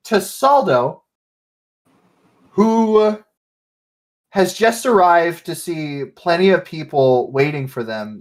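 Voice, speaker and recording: A man running a tabletop game, narrating scenes and laughing as he quotes the characters. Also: a little high. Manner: laughing, swearing, acting out characters in quick quotes. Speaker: game master.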